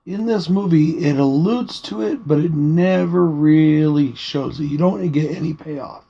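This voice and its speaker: A man with a gravelly, husky, mellow voice talks softly through a casual review, rambling easily from point to point. The sound is dull and lo-fi. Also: a little high, measured pace. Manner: soft-spoken and quiet, rambling musings. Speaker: movie reviewer. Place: home at night, dim room.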